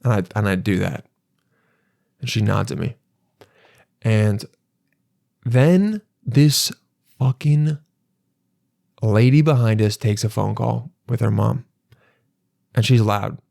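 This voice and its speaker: A young man hosting a podcast, telling a comic story in a rambling, exasperated way and jumping into animated voices. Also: medium pitch, gravelly, no echo, studio quality. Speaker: podcast host. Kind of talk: comedic storytelling monologue.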